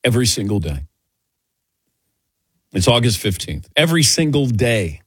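A middle-aged man who rambles and jokes at his own expense while taking audience questions. His pitch swings a lot and his voice is a little husky. The sound is dry and close. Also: normal speed, no room sound. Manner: rambling, self-mocking, animated storytelling. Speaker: guest answering audience questions. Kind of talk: casual Q&A.

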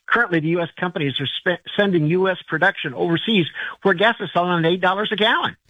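A man calling into a radio show, pressing his point in a rapid, insistent way. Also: high-pitched, dry recording. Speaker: caller. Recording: dull phone-line call audio.

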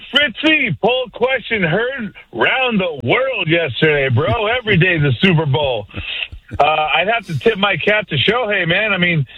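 A man's voice: high voice, breathy edge, no echo. Laid-back male caller on a tinny phone line. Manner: laid-back, chummy, rambling with fillers. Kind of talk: casual call-in chat.

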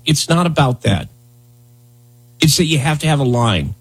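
Man, political commentary host, blunt, heated, husky. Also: a little high, lively intonation, fairly quick, poor audio. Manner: blunt, heated, repeats himself.

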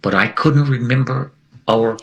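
A man's voice: medium pitch, unhurried, vocal fry, low-quality recording. A man as an interview guest, telling a dramatic first-person story and acting out the voices of the people in it. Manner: animated, acts out the other people's voices.

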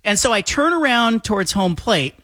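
A man telling a lively anecdote on a talk show, acting out the voices of the people in it. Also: sits high, normal speed, no echo, studio quality. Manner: animated, acts out quoted voices. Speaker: guest. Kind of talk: casual storytelling.

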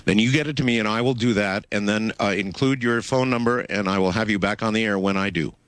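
A man's voice: lowish voice, quick pace, fairly bright tone, smooth, no room sound. A man hosting a call-in radio show, cutting in and stammering over his words as he talks with a caller. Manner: interrupting, stammering repeats. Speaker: radio talk show host.

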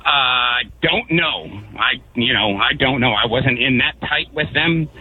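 A man's voice: mid-range voice, a little slow, husky, no echo. A man from Connecticut calling in to a radio show, rambling through stories with lots of fillers. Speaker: caller. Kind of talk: telling stories on a call-in show. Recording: tinny phone line with faint noise.

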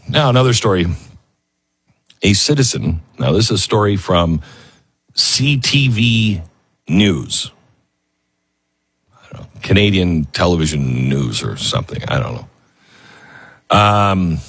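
A man's voice: lowish voice, slightly rough. A man hosting a talk show, giving sarcastic, mocking opinionated commentary. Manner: sarcastic, mocking, lively with laughs.

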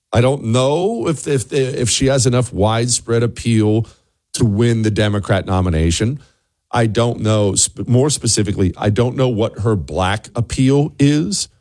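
A man's voice: lowish voice, a little mellow, no echo, studio quality. A man hosting a talk radio show, delivering an opinionated monologue with sarcastic asides and emphatic repetition. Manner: emphatic, repeats words for punch.

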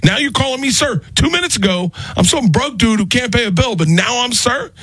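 A man putting on the voice of a brash, indignant man who squeals in high-pitched outrage while calling out a slight. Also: animated, a little fast, sharp tone, slightly rough, no echo, exaggerated voice.

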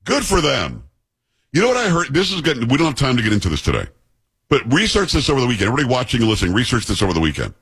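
A man hosting a talk radio show, chatting in an animated, emphatic, joking way. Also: medium pitch, racing, husky. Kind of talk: casual talk radio banter.

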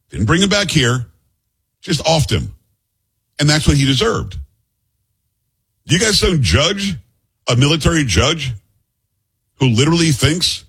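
Blunt, heated husky man ranting. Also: medium pitch, fairly bright tone. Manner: blunt, heated, stumbles over names. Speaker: host. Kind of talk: opinionated news commentary.

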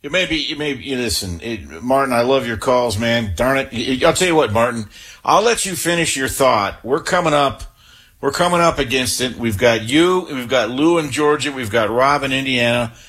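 A male sports talk host works through his callers in a friendly, chatty way. He stumbles and restarts often, and his voice has a mild husky edge at an ordinary middle pitch. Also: expressive, fairly bright tone. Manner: affable, quick restarts and stammers. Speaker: sports radio call-in host. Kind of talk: casual call-in chat.

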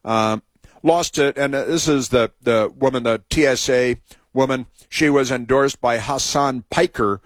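A man's voice: mid-range voice, measured pace, no echo. Man, talk show host, meandering storytelling, lots of restarts, dry close sound. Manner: meandering, full of restarts and asides. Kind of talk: rambling storytelling and political commentary.

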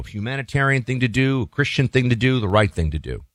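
A man's voice: mid-range voice, expressive, brisk, fairly bright tone, no echo. A man hosting a talk show, giving an emphatic, opinionated monologue with folksy asides to the listeners.

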